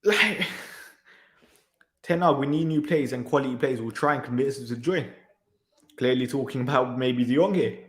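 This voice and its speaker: Speaking at a medium pitch and an unhurried pace, a man hosting a football reaction channel vents about a match. His rant is exasperated and repetitive, punctuated by sighs, and the room has an echo.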